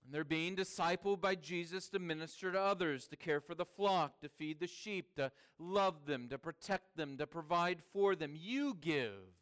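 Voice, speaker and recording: A man preaching a sermon, swinging between hushed, quiet passages and emphatic, raised lines. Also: fairly high pitch, normal speed, hardly any pauses, clear, resonant tone. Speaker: pastor.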